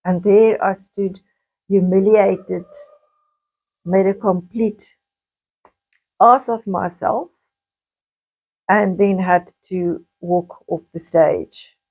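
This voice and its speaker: Middle-aged woman, unhurried hesitant personal storytelling, average pitch. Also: fairly even intonation, a little mellow, slightly rough, low-quality recording. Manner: slow, halting, with frequent restarts and pauses. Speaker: vlogger recounting childhood memories.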